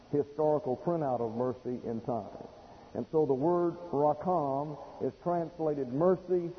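Folksy preacher in an echoing hall. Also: male voice, a little high, a little hiss or hum. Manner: folksy, explanatory, slows for emphasis. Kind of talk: expository sermon. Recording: dull lo-fi recording in a reverberant hall.

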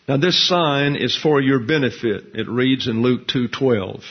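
A man teaching a detailed Bible lesson in a measured, deliberate way, slowing down when he reads scripture aloud. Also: mid-range voice, slightly rough. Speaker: pastor. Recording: dull lo-fi recording.

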